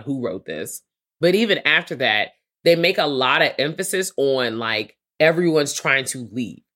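Low-voiced woman, blunt and profane. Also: a bit bright. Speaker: podcast co-host. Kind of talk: casual movie-review chat.

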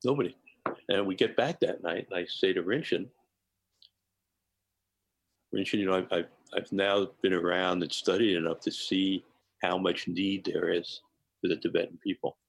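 An older man telling animated anecdotes as a podcast guest, often laughing between phrases. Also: low voice, normal speed, gravelly, long pauses, husky. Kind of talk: storytelling in a podcast interview.

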